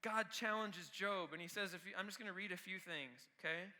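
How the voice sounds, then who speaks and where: A man's voice: sits high, brisk, sharp tone, a little hiss or hum. A man preaching a youth sermon with energy, talking straight to the students. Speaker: youth pastor.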